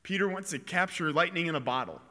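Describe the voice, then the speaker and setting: A man's voice: a little high, expressive, pushed and bright. A man giving an earnest, reflective homily in a chapel. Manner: earnest, reflective preaching with pauses and restarts. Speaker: priest or preacher. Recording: long echo of a chapel.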